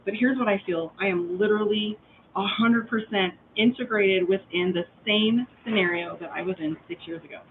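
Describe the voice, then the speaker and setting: A man with a notably high voice chats casually as co-host, animated and acting out quotes as he tells a story. The sound is thin and phone-like, with a faint hiss underneath. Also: normal speed. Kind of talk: casual live chat. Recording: phone-like live stream audio, faint noise.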